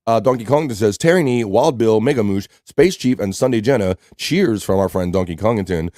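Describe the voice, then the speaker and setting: A man's voice: on the low side, lively intonation, a little fast, mellow, no room sound, clean studio sound. A man with an American accent hosting a live stream show, casually reading out chat messages and greeting viewers. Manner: laid-back, reads chat messages aloud. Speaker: livestream host.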